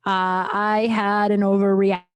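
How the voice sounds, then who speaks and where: A woman's voice: medium pitch, little pitch movement, unhurried, smooth, dry recording. Young woman rambling thru her solo podcast, lots of ums and restarts, dry close mic. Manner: rambling, confessional, many restarts and fillers. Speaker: podcast host. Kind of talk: candid solo podcast monologue.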